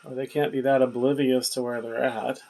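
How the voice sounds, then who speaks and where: A man's voice: medium pitch, flat delivery, a little mellow, rough recording. A man running a spirit box session, patiently asking the spirits questions again and again. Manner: questioning, patient, asks slowly and repeatedly. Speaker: paranormal investigator.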